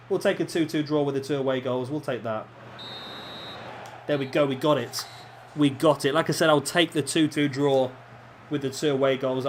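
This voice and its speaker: A man's voice: mid-range voice, a little hiss or hum. Chatty man commentating his game. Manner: chatty, self-deprecating, reacting aloud to play. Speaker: gaming commentator. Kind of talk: casual let's-play commentary.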